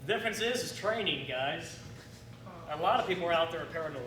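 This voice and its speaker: A man teaching a firearms class in a lively coaching way, acting out his students' reactions. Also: on the high side, fast. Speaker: firearms instructor. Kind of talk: classroom instruction. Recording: echoey room, distant mic, faint noise.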